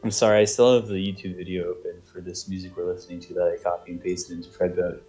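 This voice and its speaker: A man runs a tabletop game over voice chat, his voice sitting on the low side. He rambles and hesitates, leaning on fillers as he narrates. Faint music plays underneath. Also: flat delivery, fast talker, warm tone. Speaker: game master.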